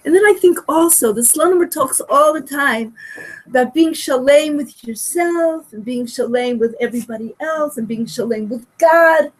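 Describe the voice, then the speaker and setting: A woman in her sixties with a notably high voice speaks at a memorial gathering. She tells stories in a heartfelt way, emotional and prone to repeating phrases. Her volume swings from quiet to loud. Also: normal speed. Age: 60s. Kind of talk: heartfelt storytelling talk.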